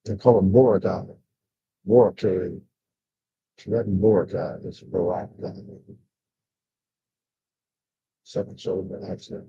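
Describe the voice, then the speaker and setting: A man's voice: low-pitched, slightly rough, no room sound. An older man rambling casually on a livestream, bluntly complaining, with many fillers and restarts. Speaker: vlogger. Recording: dull lo-fi sound.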